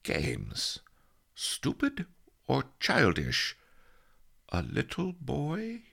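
A man voicing an irritable old male sage who mutters in a high, strained, cracking voice, in an audiobook. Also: huge pitch swings, drawn-out words, creaky, bright, forceful tone, heavily acted. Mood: grumbling. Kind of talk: audiobook character voice.

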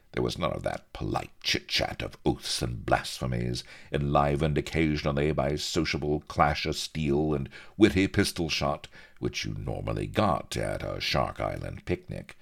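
A man's voice: a bass voice, creaky. A man reading a story aloud in a theatrical, playfully ironic storytelling manner. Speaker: narrator. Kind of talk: audiobook narration.

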